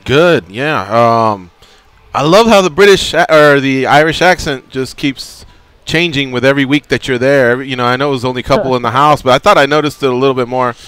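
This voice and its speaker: A man's voice: medium pitch, brisk, fairly bright tone, clean tone, no echo. A man hosting a radio show, interviewing a guest in a joking, conversational way. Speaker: radio host. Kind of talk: casual radio show chat. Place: radio studio.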